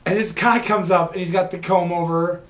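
A man's voice: high-pitched, steady tone, moderate pace. Laid-back man rambling through anecdotes. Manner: rambling anecdotes, laughs often, mimics other people's voices. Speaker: podcast co-host. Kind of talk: casual storytelling.

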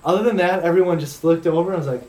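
Male co-host, fairly high voice, relaxed storyteller, roomy echo. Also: rapid-fire. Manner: rambling, laid-back anecdote teller. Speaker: podcast co-host. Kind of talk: casual storytelling chat.

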